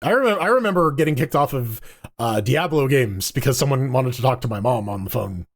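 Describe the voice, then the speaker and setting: A man's voice: medium pitch, brisk. A man co-hosting a gaming podcast, joking crudely and reading out listener mail in casual banter. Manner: crude jokes, reads listener mail aloud. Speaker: podcast co-host.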